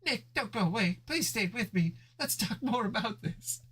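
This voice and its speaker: A man voicing an emotional female bunny cop in a comic read-aloud, pleading in a high, strained voice. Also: animated, normal speed, a bit bright, husky, exaggerated voice.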